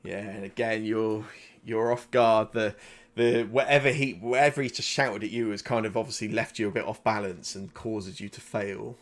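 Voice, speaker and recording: A man's voice: on the low side, fairly even intonation, normal speed. A man running a live tabletop game as game master, narrating in a loose, conversational way with plenty of ums and likes.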